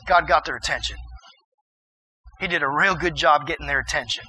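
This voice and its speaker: A man preaching a sermon in an animated way, acting out the characters in the story and building up to shouts. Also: fairly high pitch, brisk, long pauses, breathy edge, poor audio.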